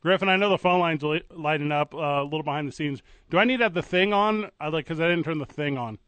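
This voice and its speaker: A man hosts a loose comedy podcast, cracking jokes and steering the talk. His voice sits high with a bright, sharp edge, recorded close and dry. He throws out quick, bossy asides. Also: dry recording. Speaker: host. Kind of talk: casual podcast banter.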